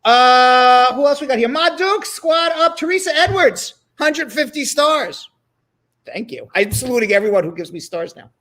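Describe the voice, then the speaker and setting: High-voiced chatty male show host. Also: lively intonation, normal speed, pushed and bright. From New York. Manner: chatty, reading out viewer names with asides. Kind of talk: live-stream talk show chat.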